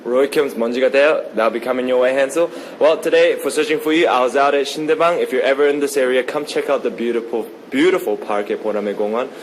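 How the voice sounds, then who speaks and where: A male field reporter conducting an on-location interview outdoors, his quick delivery brisk and upbeat. His voice is mid-pitched, with a faint outdoor ambience behind it. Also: slight background noise, rough recording. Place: outdoors in a park.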